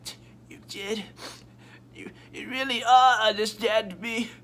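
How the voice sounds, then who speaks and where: A man's voice: high-pitched, steady tone, slow, a bit bright, pitched above the performer's own voice, heavily acted. A man voicing a wistful, lovesick young male rival in a melodramatic, pleading tone. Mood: yearning.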